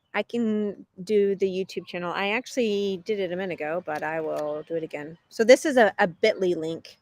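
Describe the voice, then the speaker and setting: Slow-talking woman streamer reading chat. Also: medium pitch, a bit bright, no room sound. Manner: chatty, reads viewer comments aloud and answers them; laughs often between remarks. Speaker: English teacher hosting a live stream. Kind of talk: live stream chat with viewers. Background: dogs barking.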